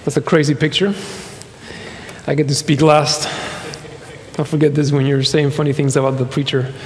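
A man's voice: on the high side, flat delivery, normal speed. A man preaching a sermon with dry humor, building to emphatic quoted lines. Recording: long hall reverb.

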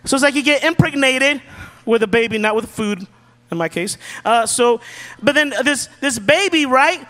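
A man preaching a sermon from the pulpit in a relaxed, joking, conversational way. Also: very high voice, normal speed, big-room sound. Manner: casual, joking preacher who acts out quotes. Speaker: pastor.

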